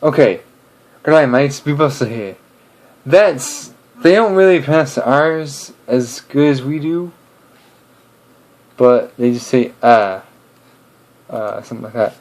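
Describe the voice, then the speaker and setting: Slow, hesitant young man rambling. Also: mid-range voice, darkish tone, poor audio. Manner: rambling and hesitant, full of ums and restarts. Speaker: video creator. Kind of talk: casual chat to camera.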